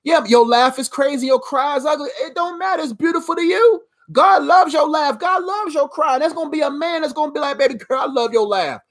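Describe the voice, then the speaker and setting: This motivational speaker's voice is high and brisk, with few pauses, as she preaches faith-based encouragement straight into the camera. Her delivery is emphatic and repetitive in a chatty way, punctuated by laughter at her own jokes.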